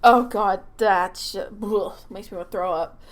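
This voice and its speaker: A woman's voice: medium pitch, unhurried. A woman co-hosting a podcast, chatting casually, swearing and laughing often. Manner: animated, profane, laughs often. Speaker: podcast co-host. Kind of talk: casual chat. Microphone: remote call.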